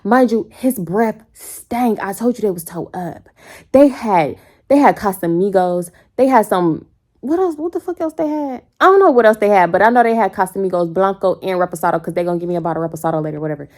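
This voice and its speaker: In her bedroom, a woman in her twenties tells a story fairly quickly to a phone held close, casual and animated. The storytime vlogger is full of slang and jumps into quoted voices with sudden high squeals.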